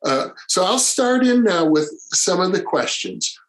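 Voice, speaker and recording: A man hosting an interview, gentle and measured, reading out viewer questions. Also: high voice, big pitch swings, low-quality recording. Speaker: host.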